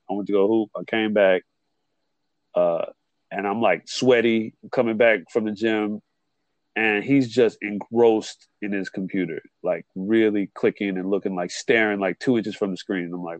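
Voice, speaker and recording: A man's voice: normal speed, dry recording. A man telling a college story in casual chat, acting out the people he quotes. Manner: animated, acts out quotes with jumps in pitch.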